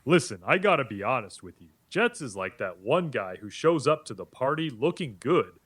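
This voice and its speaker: A man's voice: mid-range voice, sing-song, moderate pace, fairly bright tone, breathy edge. AI voice putting on a brash guy. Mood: chummy. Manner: brash, swearing, streetwise. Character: brash, foul-mouthed Italian-American gay man. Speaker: AI voice assistant.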